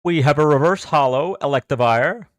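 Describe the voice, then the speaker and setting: A man's voice: fairly high pitch, moderate pace, no echo, clean studio sound. A man streaming live, opening trading card packs, counting cards aloud and joking about himself with his chat. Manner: jokey, counts cards aloud, self-deprecating.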